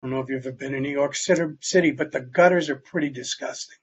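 A man's voice: medium pitch, fast talker, husky, lo-fi sound. Older man telling his recovery story. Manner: conversational storytelling, acts out quoted dialogue. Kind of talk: personal testimony talk.

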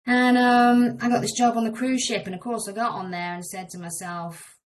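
A woman's voice: on the high side, level tone, normal speed, few pauses, low-quality recording. A middle-aged woman tells her life story in a frank, meandering way, often restarting her sentences. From England. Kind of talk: candid personal storytelling.

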